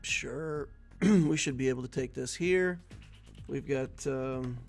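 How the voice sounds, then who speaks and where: A man's voice: mid-range voice, takes it slowly, faint music behind. A man streaming a video game, chatting casually and telling jokes with a laugh. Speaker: gaming streamer. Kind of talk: casual live-stream commentary with joke telling.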